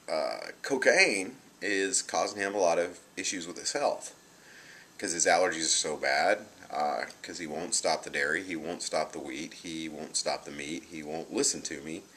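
A man vlogging, retelling a story in a rambling, animated way with lots of fillers. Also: sits low. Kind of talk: casual storytelling vlog.

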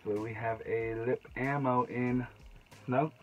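A young man unboxing makeup in a casual vlog, excitable and gushing, gasping and breaking into shouts. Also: medium pitch, slow, lo-fi sound. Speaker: beauty vlogger.

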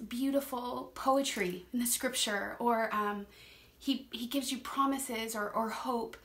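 A woman's voice: fairly high pitch, fairly bright tone. A young woman teaching a Bible study in a casual, earnest way, laughing often and repeating words as she talks.

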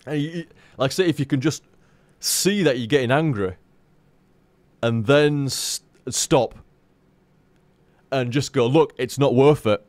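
A man's voice: medium pitch, unhurried, pauses often, no echo. A man in frank, rambling live-stream chat, swearing freely and restarting his sentences as he talks to viewers.

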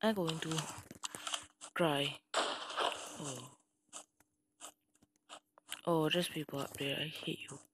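Woman, casual gameplay commentary, exclamations and complaints, slow pace. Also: low-pitched, steady tone, a bit bright, poor audio. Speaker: gamer. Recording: heavy background noise.

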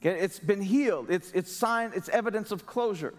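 A man's voice: high-pitched, fairly quick. Earnest male pastor preaching in an echoing church. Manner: earnest, conversational preaching with emphatic rhetorical questions. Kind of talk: sermon. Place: church sanctuary.

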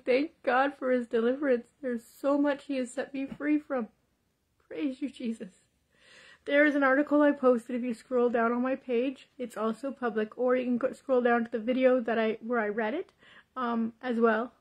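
High-voiced fervent Christian woman vlogger. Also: fairly even intonation, normal speed, a little mellow. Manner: fervent, repeating praise, preachy exhortation. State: teary. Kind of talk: devotional confession vlog.

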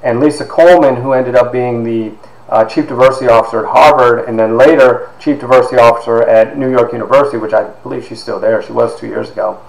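A man, a university instructor, telling stories from his life to his class, lively and sometimes dropping into hushed asides. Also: mid-range voice, fast, vocal fry, roomy sound, low-quality recording. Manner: animated storyteller, drops to hushed asides. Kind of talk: storytelling lecture to a class.

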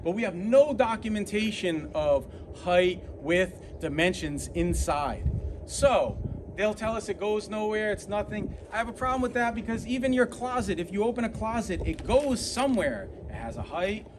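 A man with a Boston accent leading an outdoor walking tour, explaining sites in an animated, persuasive way. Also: high voice, normal speed. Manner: animated, persuasive, points things out on site. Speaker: tour guide and host. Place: outdoors at an ancient site. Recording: outdoor traffic noise behind.

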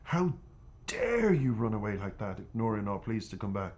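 A man's voice: on the low side, very animated, moderate pace, a little mellow, muffled recording. A man reading as stern, scolding Madame. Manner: scolding, reproachful. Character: domineering middle-aged woman, the stern Madame.

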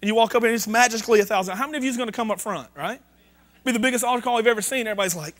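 High-voiced pastor preaching. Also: male voice, very fast, fairly bright tone. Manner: conversational preaching, reads scripture aloud, asks the congregation questions. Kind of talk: sermon. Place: church sanctuary.

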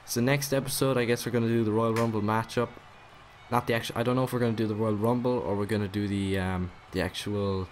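Young male gamer, lower voice, narrating his match with excited swearing over a faint hiss. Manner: excitable, swears, talks to the game opponent. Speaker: gaming YouTuber. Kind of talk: casual gameplay commentary.

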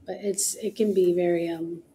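A woman's voice: on the low side, steady tone, moderate pace, dark tone, slight background noise, poor audio. A woman co-founder speaking as an interview guest in casual, earnest, encouraging talk with many fillers.

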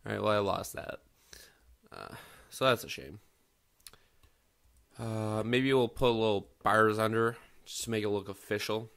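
A man with a bright, forward voice talks loosely over his gameplay in casual let's-play commentary. He rambles from one thought to the next, swears freely and pokes fun at himself. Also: on the low side, fairly even intonation, normal speed, creaky, clear, resonant tone. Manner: rambling, profane, self-mocking. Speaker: gaming video host.

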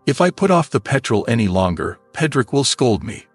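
A lazy, secretly all-powerful dungeon boss who frets about being scolded, speaking at a middling pitch in a plain, unhurried way, as a man reads him in a comic recap. The sound is dry and close, with faint music underneath. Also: very animated, slightly rough, no echo. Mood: worried.

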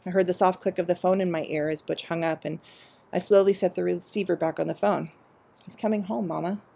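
Woman reading her own story aloud, slow and reflective, dark creaky voice. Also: on the low side, fairly even intonation. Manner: measured, reflective.

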